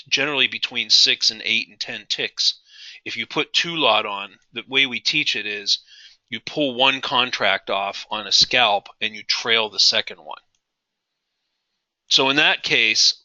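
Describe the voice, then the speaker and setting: Man, trading instructor, live webinar, emphatic, repeats himself, very bright voice, dry close sound. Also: medium pitch, no room sound, dull audio. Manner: emphatic, repeats key phrases, asks the audience questions.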